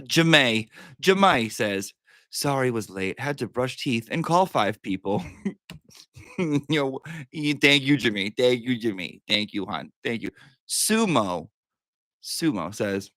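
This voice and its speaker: A man's voice: medium pitch, animated, a little slow, sharp tone, dry recording, clean studio sound. A man hosting a livestream, joking around casually and reading out viewer messages with a playful, sweary manner. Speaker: livestream host.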